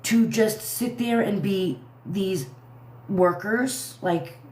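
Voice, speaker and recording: A woman's voice: mid-range voice, slow pace, dark tone. A woman in her thirties rants to her livestream viewers, indignant and rambling, her voice sitting in the middle of the usual range. The room around her is echoey and gives her voice a hollow ring. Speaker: livestream commentary host. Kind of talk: casual livestream commentary.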